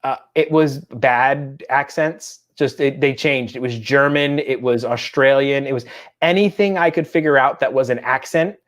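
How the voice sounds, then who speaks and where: A man in his thirties co-hosting a casual chat show, telling animated family stories and slipping into quick impressions. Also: mid-range voice. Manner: chatty, animated storytelling with voiced impressions. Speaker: podcast co-host.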